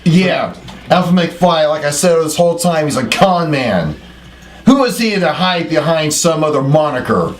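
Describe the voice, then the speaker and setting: A man co-hosting a wrestling recap in a slightly high voice. He teases and bickers, and he keeps mangling a guest's name for laughs. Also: sing-song, unhurried. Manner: playful, mangles names. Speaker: co-host.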